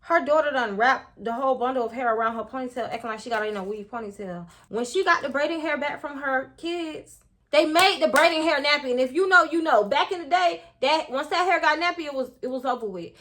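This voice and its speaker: A woman's voice: high voice, fairly quick, fairly bright tone. A young woman telling a casual storytime to her viewers, chatty and full of slang, talking straight to the audience.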